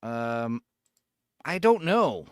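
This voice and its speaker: A man's voice: mid-range voice, very animated, extremely slow, smooth, dry recording, studio quality. A man hosting a casual reaction stream, talking loosely and swearing. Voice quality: swearing, easily frustrated. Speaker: streamer host.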